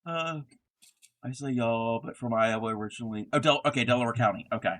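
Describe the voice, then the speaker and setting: A man's voice: mid-range voice, brisk, fairly bright tone. A middle-aged man who hosts a crochet livestream, rambling casually as he answers chat. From Baltimore area, Maryland. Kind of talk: casual live-stream chat.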